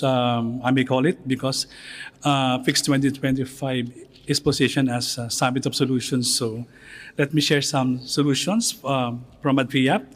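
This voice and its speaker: Male official on a panel; formal, measured delivery, ordinary pitch. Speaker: association secretary general, panel speaker. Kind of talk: conference panel remarks.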